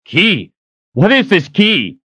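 A man's voice: high voice, sing-song, slow, sharp tone, breathy edge, no echo, pitched above the performer's own voice, full character voice. A man voicing a loyal, earnest male warrior who speaks in a formal, stilted way. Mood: anxious.

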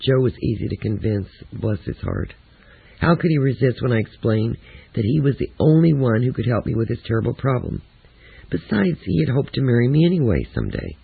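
A man narrating a first-person memoir in a steady, reflective reading. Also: mid-range voice, brisk, vocal fry, husky, no room sound. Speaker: audiobook narrator. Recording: tinny, lo-fi phone-like audio.

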